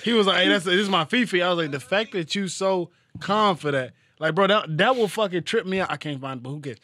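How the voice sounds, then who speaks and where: A man's voice: sits high, fast talker, pushed and bright. Laid-back man hosting a chat. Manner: laid-back, reactive, swears freely. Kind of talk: casual chat.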